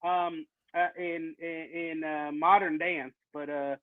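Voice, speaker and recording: A man's voice: fairly high pitch, fairly even intonation, slow pace, dry recording. A man playing a rambling, boastful folksy football coach with a drawl, improvising live over a video call. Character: folksy blowhard male football coach, middle-aged. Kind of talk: improvised comedy character on a live podcast. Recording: dry tinny video-call audio.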